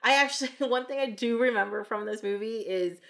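A woman co-hosting a casual movie podcast, talking in an animated way, laughing often and acting out quotes. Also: fairly high pitch, a little fast, gravelly. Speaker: podcast co-host. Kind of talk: casual chat about movies.

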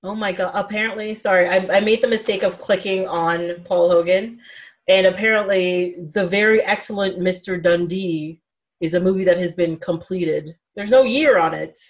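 A woman co-hosting a casual movie chat, talkative and laughing often, dropping into quiet asides. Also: on the low side, normal speed. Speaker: podcast co-host.

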